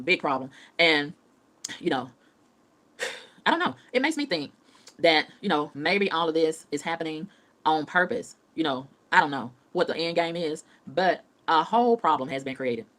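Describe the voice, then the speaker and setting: A woman's voice: deep voice, a bit bright. A woman ranting in a profane, heated vlog monologue, repeating phrases as she goes. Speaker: vlogger.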